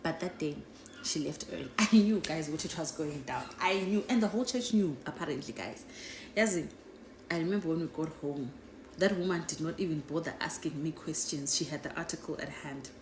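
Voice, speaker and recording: A young woman with a low voice tells a rambling storytime, chatty and animated. She keeps tossing "right?" and "guys" at her listeners. Her voice bounces off an echoey room, with a faint hiss underneath. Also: a little fast. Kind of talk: casual storytime.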